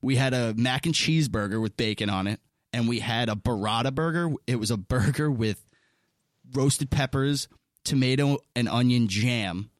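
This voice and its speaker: Animated, laughing man telling stories. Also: mid-range voice, normal speed, dry recording, clean studio sound. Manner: animated, laughing, swearing storyteller. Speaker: podcast co-host. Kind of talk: casual chat.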